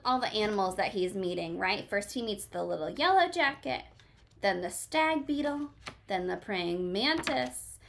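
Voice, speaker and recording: Woman teacher, picture-book read-aloud, lively swinging pitch, encouraging, asks questions. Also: gravelly. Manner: questioning, encouraging, addressing children by name.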